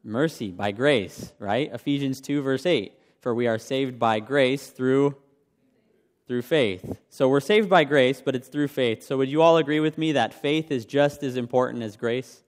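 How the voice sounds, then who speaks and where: A young man with a medium-pitched voice preaches at a measured pace, recounting his personal testimony conversationally and posing questions to the congregation. A long hall reverb hangs over the recording.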